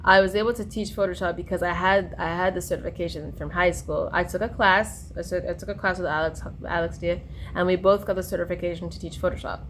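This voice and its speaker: A woman's voice: on the low side, steady tone, quick pace, slight background noise. A young woman talking in a rambling personal vlog, drifting between stories with many fillers and restarts. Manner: tangential, full of fillers and restarts. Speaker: vlogger.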